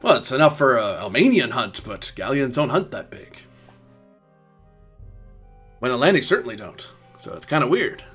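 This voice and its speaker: A man's voice: medium pitch, sing-song, normal speed, pauses often, a bit bright, husky, soft background music. A man voicing a jolly, chatty foreign hunter with a put-on accent who ends his remarks with questioning tags. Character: jolly middle-aged foreign male hunter.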